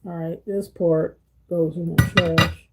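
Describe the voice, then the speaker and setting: A woman hosting a casual cooking vlog, talking in a relaxed, folksy way to herself and greeting viewers by name. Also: fairly low pitch, takes it slowly, heavy background noise. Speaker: cooking channel host. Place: home kitchen.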